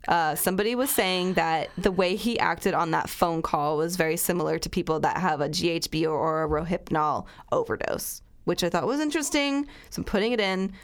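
Woman on a chat podcast, lowish voice, rambly with lots of likes and ums. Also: fairly quick, hardly any pauses. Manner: chatty, hedging with likes and ums. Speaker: podcast co-host. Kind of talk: casual true-crime chat.

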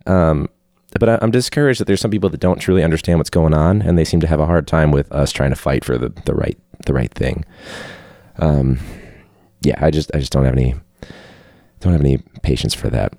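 A man's voice: rumbling low, fairly quick, gravelly, mellow, dry recording. A man hosting his own podcast, talking casually and candidly with lots of fillers and the odd curse word. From Chicago area. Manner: rambling, candid, profane, with frequent fillers. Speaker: podcast host, teacher. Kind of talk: casual solo podcast chat. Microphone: phone hooked up to a video call.

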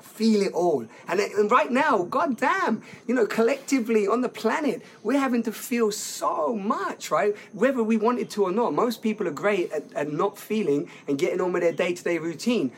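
An animated man with a fairly high voice who laughs easily and keeps restarting his sentences as he talks about feelings. A faint hiss sits behind him. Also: moderate pace, few pauses. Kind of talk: casual conversation on feelings.

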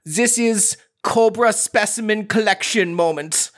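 A man's voice: high-pitched, unhurried, very noisy, voice pushed up. A man doing a hammy professor with a fake German accent. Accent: bad put-on German. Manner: theatrical, announcer-like. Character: hammy male scientist showing off to a camera.

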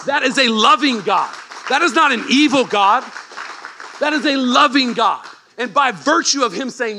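A man preaching a sermon as pastor, animated and joking, moving from quiet asides to shouted emphasis. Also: very high voice, a little slow. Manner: joking, teasing the congregation.

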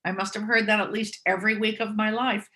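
A woman tells personal stories. Her voice is bright and forward. She speaks openly and reflects on herself as she talks. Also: medium pitch, little pitch movement, brisk. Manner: candid, self-reflective. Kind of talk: personal storytelling.

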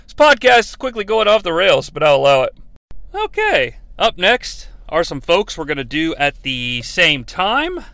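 Creaky, bright-voiced male podcast host. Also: fairly high pitch, sing-song, moderate pace, few pauses, no echo. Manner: rambling, profane and jokey, slipping into bits. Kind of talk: casual wrestling commentary.

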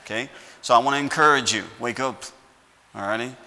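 A man's voice: medium pitch, a little fast, bright, forceful tone, long reverb tail. A middle-aged man preaching a sermon as pastor, folksy, often checking in with "all righty?". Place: church sanctuary.

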